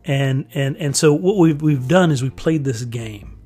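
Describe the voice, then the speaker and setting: A man holds forth in a loose, rambling monologue at a middle pitch, laughing lightly between thoughts. Soft music sits faintly underneath his talk. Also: unhurried. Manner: rambling and conversational, with frequent chuckles. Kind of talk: casual monologue.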